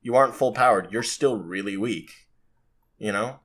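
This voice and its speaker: A man's voice: on the low side, moderate pace, fairly bright tone. Enthusiastic man arguing about games. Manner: enthusiastic, defends his view at length. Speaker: podcast co-host. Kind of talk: casual chat.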